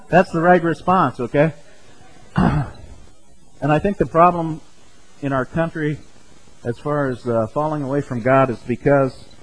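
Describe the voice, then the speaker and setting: Chatty older male pastor, higher-pitched. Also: rough recording. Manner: conversational, tags points with "okay?" and "right?"; chuckles often mid-sentence. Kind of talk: sermon.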